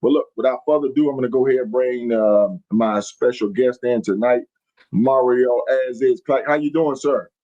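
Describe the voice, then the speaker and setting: A man's voice: medium pitch, normal speed, warm tone. Man, podcast host, folksy, repeats greetings, lo-fi stream sound. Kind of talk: live-streamed podcast chat. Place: on the road while traveling.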